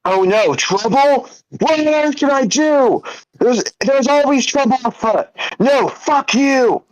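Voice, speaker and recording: A man doing a high-pitched, raving starved captive. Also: animated, slow pace, full character voice, poor audio. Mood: sarcastic. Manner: shouting, cursing, sarcastic. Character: starved unhinged captive man, furious and mocking. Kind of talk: live comedic script reading.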